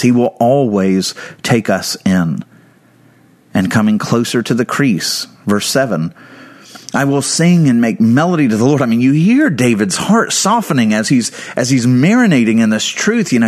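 A man preaching a sermon, earnest and building intensity with repeated phrases, slowing down to stress key words. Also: mid-range voice. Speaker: pastor.

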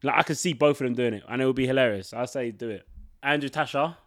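A man's voice: medium pitch, quick pace, no echo, studio quality. A man hosting a casual chat, asking teasing, probing questions. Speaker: host.

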